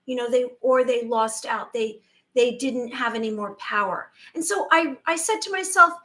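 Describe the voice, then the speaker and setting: A woman's voice: fairly high pitch, moderate pace, pushed and bright. A woman in her forties hosting a spiritual talk, speaking in a casual, rambling way, with restarts and quoted asides. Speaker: spiritual channel host. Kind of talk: casual monologue.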